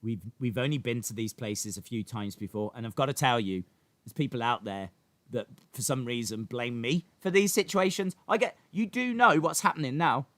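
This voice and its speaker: A man's voice: mid-range voice, moderate pace, a bit bright, no echo. Rambling, fretful male streamer. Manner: rambling, frets aloud while reading chat. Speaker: live stream host. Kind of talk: casual live watch-along chat.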